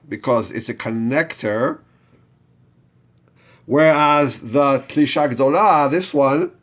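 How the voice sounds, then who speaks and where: A man teaching a step-by-step chanting lesson, patiently talking learners through each step and having them repeat after him. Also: mid-range voice. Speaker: Torah reading teacher.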